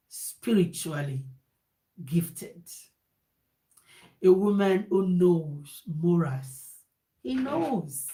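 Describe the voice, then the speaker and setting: A woman, giving casual relationship advice in an emphatic, repetitive way and slipping into pidgin. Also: mid-range voice. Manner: emphatic, repeats phrases, switches into pidgin. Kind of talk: casual monologue.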